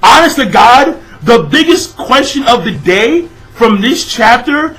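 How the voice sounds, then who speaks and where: His voice is very high, animated and a bit bright, moving a little slowly over a rough recording. The young man rants casually and with exasperation about a manga chapter, cursing nonstop and leaning heavily on fillers.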